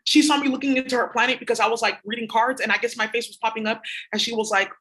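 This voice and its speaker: A woman's voice: on the high side, fairly even intonation, rapid-fire, bright, forceful tone, rough recording. Profane, rambling woman ranting to camera. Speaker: spiritual reader and channel host. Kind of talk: casual rant to camera.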